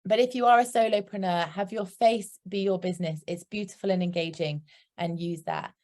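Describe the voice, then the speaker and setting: A woman's voice: fairly low pitch, fairly even intonation, brisk, a little mellow. A woman with a British accent presenting a marketing workshop in an upbeat, practical way, with chatty asides. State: hiccuping. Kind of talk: instructive presentation.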